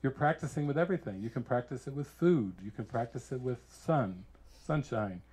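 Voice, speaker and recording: An American man, a spiritual teacher, giving an informal retreat talk full of lively personal stories, laughing often and acting out what others said. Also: medium pitch, a little fast, husky. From United States. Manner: animated storyteller who laughs often and acts out quotes.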